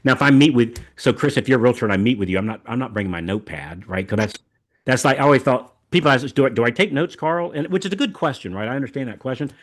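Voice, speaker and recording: A man's voice: medium pitch, expressive, racing. An older man from the American South hosting a podcast, talking in a casual, rambling, folksy way and often repeating words as he goes. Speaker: podcast host. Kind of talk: casual chat.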